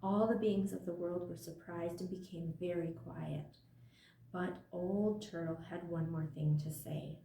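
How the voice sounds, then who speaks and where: An older woman reading a picture book aloud in a gentle, unhurried way, recorded in a roomy space from a distance. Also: on the low side, fairly even intonation, creaky. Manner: gentle, unhurried, apologetic asides. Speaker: storyteller. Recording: roomy, distant mic, faint noise.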